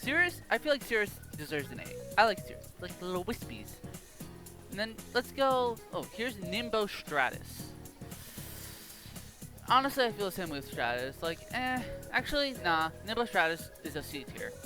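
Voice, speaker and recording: Playful teen with lively pitch over music. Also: normal speed. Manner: mock-confident and playful, with a formal sign-off. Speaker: student presenting a school video project. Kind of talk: tongue-in-cheek ranking commentary for a class video. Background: background music.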